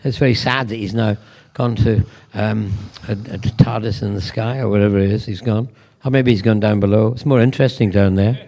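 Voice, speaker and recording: A man's voice: on the low side, steady tone, brisk, few pauses, dark tone. An older man with a Scottish accent, the guest of honour answering fans at a convention Q&A with rambling, playful anecdotes.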